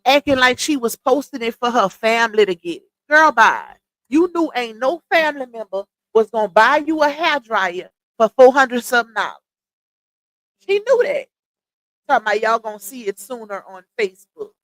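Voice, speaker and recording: A woman's voice: fairly high pitch, brisk, fairly bright tone, dry recording, poor audio. Blunt gossipy woman on a livestream. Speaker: livestream host. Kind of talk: casual commentary chat.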